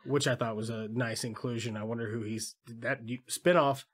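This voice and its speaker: A man's voice: medium pitch, flat delivery, husky. A man co-hosting a podcast, casually and profanely retelling movie scenes. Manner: profane, laid-back, drawn-out retelling of scenes. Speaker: podcast co-host.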